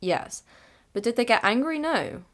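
A woman's voice: on the high side, expressive, a little slow. A woman in her late teens, hosting a podcast and telling a chaotic, giggly, dramatic story in a casual way. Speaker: podcast host.

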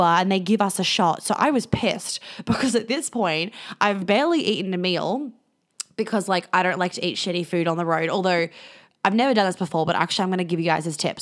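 A woman's voice: medium pitch, a bit bright. A woman, hosting a podcast, telling a story in a chatty way, swearing freely and laughing along. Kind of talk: casual storytelling monologue.

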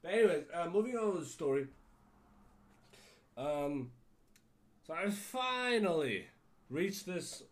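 A man's voice: fairly high pitch, sing-song, slow pace, pauses often. A man with a cold telling a rambling story on his podcast, full of fillers, restarts and casual swearing. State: has a cold. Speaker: podcast host.

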